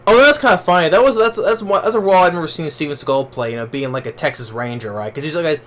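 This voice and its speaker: A man's voice: on the high side, quick pace, a bit bright. A man giving a casual spoken movie review, rambling along with many restarts and fillers.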